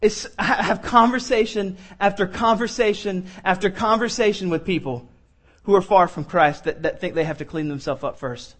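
A man's voice: high-pitched, moderate pace, a bit bright. A man preaching a sermon, telling a family story in an earnest way and building to emphatic appeals. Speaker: pastor.

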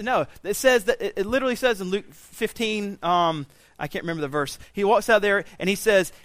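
Guy preaching, kinda high voice, dry close sound, gets loud then drops way quiet. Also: a little fast, few pauses, dry recording. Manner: swings from quiet intensity to loud, raised pleading. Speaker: pastor. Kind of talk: sermon. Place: church sanctuary.

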